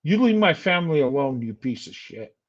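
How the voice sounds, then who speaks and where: A man's voice: a little high, sing-song, a little fast, highs cut off. An older man streaming a heated, insulting rant at a rival. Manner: angry, insulting, taunting.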